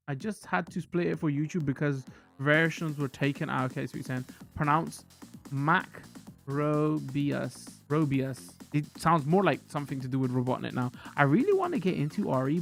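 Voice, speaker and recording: A man's voice: fairly high pitch, gravelly. A man streaming games, chatting and ranting loosely to his viewers with frank swearing. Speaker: game streamer. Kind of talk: casual live-stream chat.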